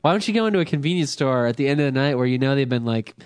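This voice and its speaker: A man's voice: mid-range voice, expressive, rapid-fire, darkish tone, smooth, dry recording. A man co-hosting a podcast in a casual chat. He keeps cutting in with quizzical, skeptical questions. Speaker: podcast co-host.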